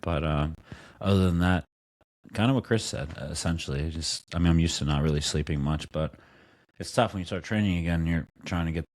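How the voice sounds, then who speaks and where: A deep-voiced man talks in a relaxed, hesitant way, filling gaps with ums. He sounds worn out and sore, and his voice is dry and close to the mic. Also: a little fast, no echo. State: tired and sore. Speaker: coach and podcast co-host. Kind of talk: casual podcast chat.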